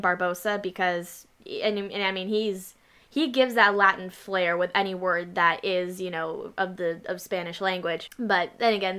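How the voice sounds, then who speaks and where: A woman's voice: medium pitch, a bit bright, clear, resonant tone. A woman hosting a casual reaction video, chatting playfully and adding asides. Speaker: channel host reacting to a video.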